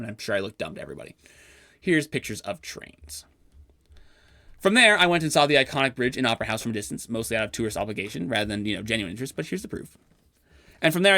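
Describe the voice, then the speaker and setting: A man's voice: mid-range voice, bright, forceful tone, no room sound. A young man narrating his own life in a scripted, wry and self-deprecating way, sometimes turning flowery. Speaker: vlogger.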